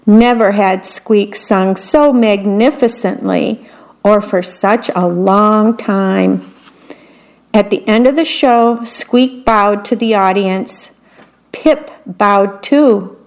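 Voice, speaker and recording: A woman's voice: mid-range voice, takes it slowly. A woman reading a picture book aloud, stopping to comment on what each picture shows. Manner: adds chatty commentary on the pictures. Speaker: story reader.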